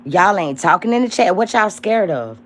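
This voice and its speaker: A young woman hosting a casual livestream, talking bluntly and profanely as she calls out a rival, swinging between loud mocking lines and low murmurs. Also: animated, normal speed. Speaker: livestream host.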